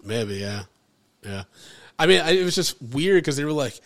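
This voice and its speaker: A man's voice: on the high side, very animated, normal speed. A man co-hosting a casual podcast chat, ranting in disbelief and swearing freely. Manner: incredulous, ranting, swears a lot. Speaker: podcast co-host.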